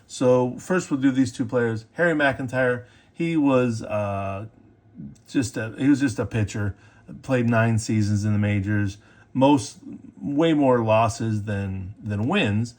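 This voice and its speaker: A middle-aged man talks casually about the cards in his collection, chatty and upbeat. His voice sits at an ordinary middle pitch, and he keeps breaking in with little fillers and self-corrections. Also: takes it slowly, a little mellow. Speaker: sports card collector and video host.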